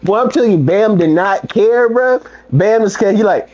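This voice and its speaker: A young man co-hosting a podcast in casual chat, telling animated stories and acting out quotes. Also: normal speed. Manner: animated storytelling, acts out quotes with big pitch jumps and laughs. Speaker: podcast co-host. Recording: slightly muffled, lo-fi sound.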